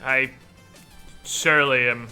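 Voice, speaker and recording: A man voicing an earnest male army commander trained with the sword, speaking gravely and hesitantly over voice chat. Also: mid-range voice, steady tone, takes it slowly, sharp tone, faint music behind. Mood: troubled.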